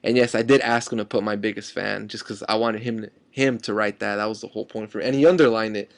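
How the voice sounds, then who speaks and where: A young man rambles eagerly through a fan story for his vlog, stumbling over restarts and fillers. His delivery is quick, and his voice has a gravelly edge. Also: on the low side, fairly even intonation. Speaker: fan vlogger.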